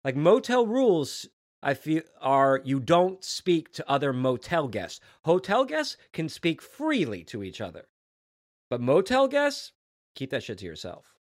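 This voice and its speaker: A man co-hosting a casual chat, jokey and animated. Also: on the high side, unhurried, no room sound, clean studio sound. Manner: animated, jokey, acts out quotes. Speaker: podcast co-host. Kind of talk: casual chat about a comic.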